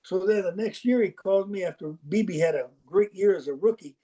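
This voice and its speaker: A man's voice: high voice, moderate pace, warm tone. An older man, a football coach as podcast guest, telling folksy anecdotes and acting out the dialogue in them. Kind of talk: storytelling interview.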